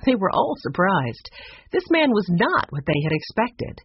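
A woman's voice: medium pitch, very animated, unhurried, slightly rough, dry recording. A woman narrating a children's storybook aloud, switching voices for each character. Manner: reads every character in changed voices. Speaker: audiobook narrator. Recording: muffled, dry recording.

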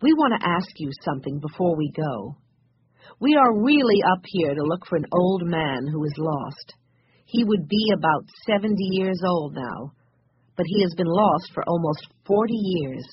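A reader voicing a calm, reassuring grown man who works as a guide, in a storybook reading. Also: medium pitch, normal speed, slightly rough, muffled recording.

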